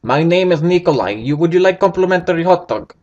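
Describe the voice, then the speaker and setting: A man's voice: fairly high pitch, animated, fast, a little mellow, highs cut off, close to an everyday voice. A man putting on a hammy mock-Russian hot dog man.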